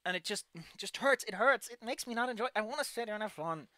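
Woman streamer, fast and excitable, frustrated game critique, dry close mic. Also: fairly high pitch, no room sound. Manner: animated, excitable outbursts. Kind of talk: casual livestream commentary.

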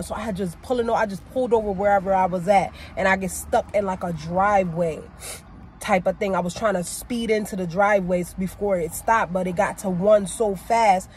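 A woman vlogging from her car, venting angrily about a breakdown and later chatting with relief to her viewers. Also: mid-range voice. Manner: frustrated, venting, swearing. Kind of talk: casual vlog rant to camera. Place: in a car by the roadside, then driving. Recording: faint car and street noise.

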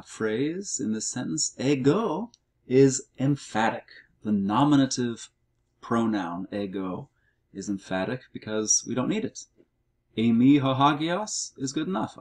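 A middle-aged man explaining grammar in a recorded language lesson walkthrough, reading words out slowly and methodically. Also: medium pitch, darkish tone. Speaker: Greek teacher.

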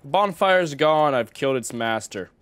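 A man's voice: mid-range voice, animated, a little slow, a bit bright, clean tone, no echo. A man giving casual let's-play commentary, rambling and swearing as he talks to himself. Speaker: gameplay streamer.

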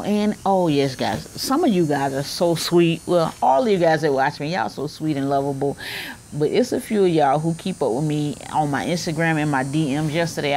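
A woman vlogging outdoors on her back porch, talking candidly and warmly to her viewers in a chatty, heartfelt way. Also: low-pitched, a little hiss or hum. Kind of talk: casual vlog talk to camera.

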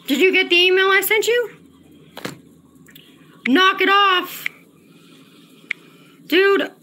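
Woman livestreamer, agitated and cussing, high and lively pitch, repeats lines. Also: slight background noise. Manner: agitated, profane, repeats herself. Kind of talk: casual livestream chat, reading chat.

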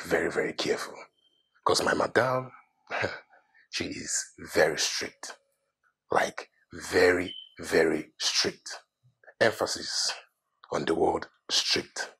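An actor playing a nervous household servant who gives anxious warnings, partly whispered. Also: male voice, low voice, creaky, fairly bright tone, slightly rough, full character voice. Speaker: household staff. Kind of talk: scripted drama acting.

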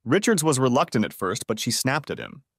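A man narrating a drama story for an audiobook in an expressive, dramatic reading style. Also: mid-range voice, a little fast, creaky, no room sound, clean studio sound.

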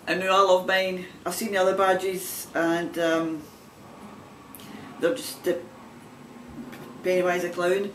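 A woman's voice: fairly low pitch, level tone, slow pace, long pauses. A woman with a Scottish accent chatting casually to camera as a knitting vlogger, rambling and laughing often. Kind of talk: casual chat showing items to camera. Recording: roomy sound from a distant mic with faint background noise.

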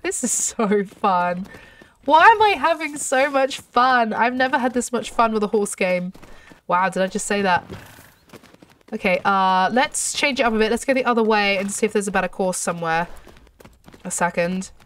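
A woman chats her way through a game in excitable commentary, full of gasps and gushing exclamations. Her voice sits at a middling pitch and sounds a little distant from the microphone. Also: moderate pace. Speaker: gaming channel host. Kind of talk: let's play commentary.

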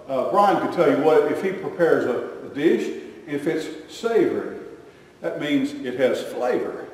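Pastor preaching in an echoey hall. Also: male voice, a little high, a little mellow, distant mic. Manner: conversational preaching with fillers and restarts. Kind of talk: sermon.

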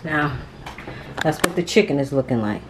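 Woman, deep voice, chatty home-cooking vlogger, noisy kitchen sizzle behind. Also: normal speed. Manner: excitable, calls viewers honey and y'all. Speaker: family vlogger. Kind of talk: casual cooking vlog.

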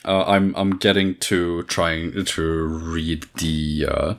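A man with a somewhat low voice chatting on a podcast. He hesitates, repeats words, and fills gaps as he works out what to say. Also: flat delivery, slow pace. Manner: hesitant, many fillers and restarts. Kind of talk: casual podcast banter.

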